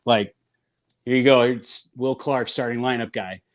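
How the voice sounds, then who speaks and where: A man's voice: mid-range voice, unhurried. A man from Northern California, a baseball broadcaster, telling stories in a casual interview and acting out the people he quotes. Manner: animated storyteller who acts out quotes. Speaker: baseball play-by-play broadcaster, guest. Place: store in Wisconsin.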